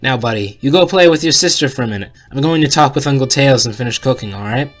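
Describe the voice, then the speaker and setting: A man's voice: medium pitch, lively intonation, fast, fairly bright tone, faint music behind. A man voicing a cheerful, laid-back male hedgehog father in a read-aloud fan story.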